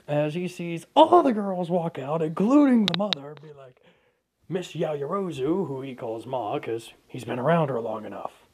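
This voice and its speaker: A man's voice: fairly high pitch, expressive, moderate pace, darkish tone, breathy edge. A young man casually improvising a fan story, rambling with jokey asides.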